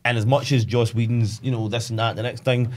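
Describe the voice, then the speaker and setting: A young Scottish man in casual podcast chat, talking fast and rambling on with lots of asides. His voice sits at an ordinary middle pitch. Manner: rambling, animated, frequent "do you know what I mean". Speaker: podcast co-host.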